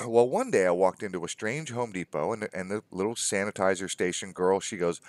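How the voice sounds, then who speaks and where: A man's voice: low voice, a little fast, dry recording. A man telling stories in a casual conversation, acting out the other people in them with exasperation. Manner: storytelling, quoting others in mock dialogue, exasperated.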